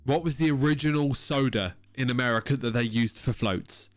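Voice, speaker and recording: Male co-host, relaxed banter, casual swearing, light music underneath. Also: mid-range voice, moderate pace, no room sound. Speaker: podcast co-host. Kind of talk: casual chat.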